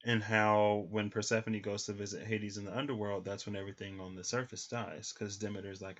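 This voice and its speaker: Man, low voice, casual livestream tarot reading, rambling with ums, slightly muffled lo-fi audio. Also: level tone, a little fast, hardly any pauses. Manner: rambling, thinks aloud with many ums. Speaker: tarot reader.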